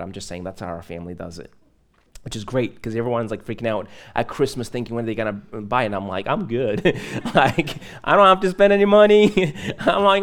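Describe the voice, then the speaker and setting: Guy from moldova preaching in church, kinda high voice, bounces around a lot, chatty with jokes. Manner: chatty, conversational preaching with laughs and asides. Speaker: pastor. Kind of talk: live sermon.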